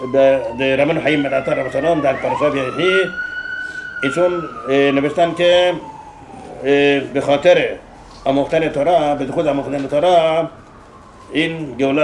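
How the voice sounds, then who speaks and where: A man, a rabbi, delivering a eulogy sermon in rapid, emphatic bursts with frequent hesitations. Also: mid-range voice, a little hiss or hum, low-quality recording.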